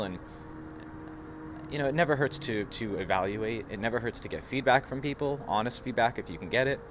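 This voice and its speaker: A man's voice: lowish voice, lively intonation, normal speed, music in the background. A young man talking casually to camera, musing about himself in a rambling way and laughing at his own habits. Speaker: vlogger. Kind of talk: casual reflective monologue.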